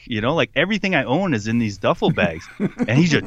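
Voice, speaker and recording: Animated man telling army stories. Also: medium pitch, quick pace, no echo, highs cut off. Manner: animated, quotes people in voices, laughs often. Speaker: podcast guest. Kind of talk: casual storytelling.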